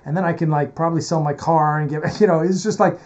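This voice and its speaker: A man's voice: a little high, fairly even intonation, fast, a little mellow. Rambling male host, muffled sound. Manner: rambling, thinks aloud while doing things on his computer. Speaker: host and producer. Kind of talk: casual interview chat.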